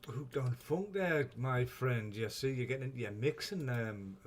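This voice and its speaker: A man's voice: medium pitch, expressive, normal speed, a little hiss or hum. A man hosting a casual live stream, rambling, swearing freely and chuckling often as he greets viewers.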